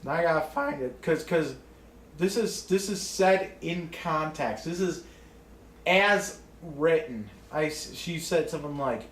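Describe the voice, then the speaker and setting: This vlogger's voice is a little high and measured, heard in a reverberant space with slight hiss or hum. Rambling and profane, he rants casually to the camera, restarting sentences often and leaning on fillers.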